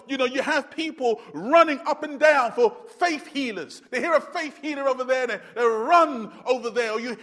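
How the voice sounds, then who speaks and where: High-voiced preacher in a reverberant hall. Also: male voice, bright, forceful tone. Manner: emphatic, repetitive, conversational with fillers. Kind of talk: sermon.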